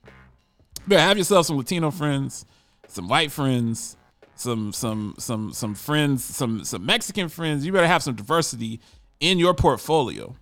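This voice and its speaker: A man's voice: mid-range voice, expressive, measured pace, fairly bright tone, soft background music. A man hosting a radio talk show, reading a news article aloud and breaking off into fired-up, laughing asides, sometimes stumbling over his words.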